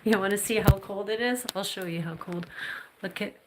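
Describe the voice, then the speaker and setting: A woman's voice: mid-range voice, normal speed, very noisy. A woman chatting casually on a live stream from a phone, rambling loosely with lots of "like" and "you know". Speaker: livestream host. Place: outdoors in snowy cold with a pet goose.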